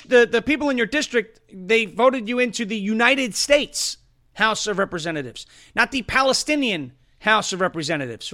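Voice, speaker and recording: Bright-voiced emphatic male talk host. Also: extremely high pitch. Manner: emphatic, rising to heated outbursts. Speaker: show host. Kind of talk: political talk show with live ad reads.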